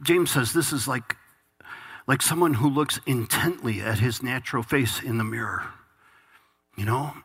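A man's voice: mid-range voice, unhurried, pauses often, fairly bright tone, slightly rough. A middle-aged man preaching a conversational, earnest sermon to his congregation, restarting phrases as he goes. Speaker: pastor.

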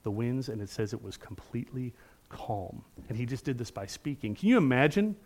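A man's voice: mid-range voice, big pitch swings, fairly quick, darkish tone, a little hiss or hum. A middle-aged male pastor preaching a sermon in an earnest, conversational way, often checking in with the room.

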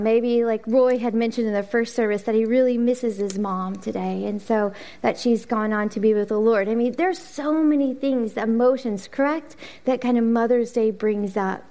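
A middle-aged woman speaking to a church congregation, telling a lively personal story and acting out the voices in it before leading a prayer. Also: fairly high pitch. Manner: animated storytelling, acting out her own and her kids' voices. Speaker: women's ministry speaker. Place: church service.

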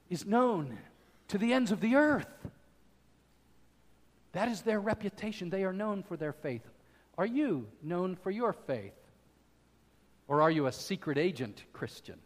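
A pastor preaches a sermon emphatically, swinging between loud declarations and quiet asides. His voice is high-pitched, trailed by a long reverb.

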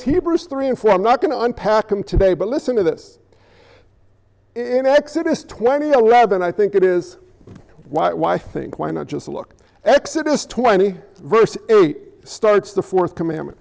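High-voiced preacher in an echoing hall. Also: male voice, big pitch swings, gravelly, a little mellow. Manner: conversational, asks rhetorical questions, dramatic pauses. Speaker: pastor. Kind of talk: sermon. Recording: long reverb in a large hall.

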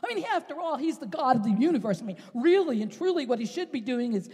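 Woman preacher, very high voice, punchy rhetorical sermon, big echoey hall. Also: fast, slightly rough. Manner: animated, rhetorical, often rising to a shout. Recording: long reverb in a large hall.

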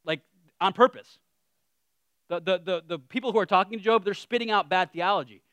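A man preaching a casual, humorous sermon, animated, with self-deprecating asides that trail off quietly. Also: high-pitched, fairly quick, smooth, dry recording.

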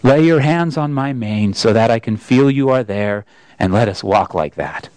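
A man voicing a great male lion who is sad and lonely, speaking slowly, gravely and tenderly in a storybook reading. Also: medium pitch, animated, darkish tone, no room sound, lightly acted. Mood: solemn.

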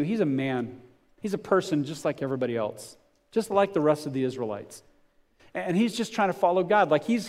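A pastor preaching a sermon to his congregation in a conversational way, swelling to emphatic points and dropping to softer reflective stretches. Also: high voice. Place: church before a congregation.

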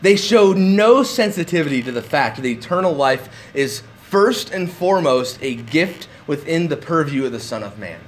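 High-voiced man preaching a sermon. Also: moderate pace, few pauses. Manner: conversational preaching with restarts and lively acted quotes. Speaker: pastor. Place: church.

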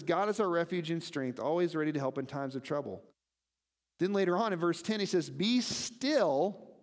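Man preaching, high voice, animated, quizzes the crowd, long hall reverb. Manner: animated, asks the congregation questions. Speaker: pastor. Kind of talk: sermon.

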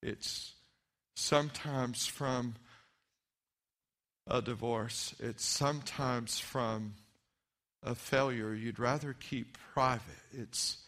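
A man preaching a sermon as pastor, earnest and emphatic at times, then quiet and personal. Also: mid-range voice.

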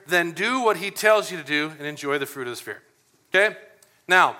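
Middle-aged guy pastor preaching, kinda high bright voice, chatty and animated. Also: a little fast. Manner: animated and conversational, acts out prayers and dialogue. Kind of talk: sermon.

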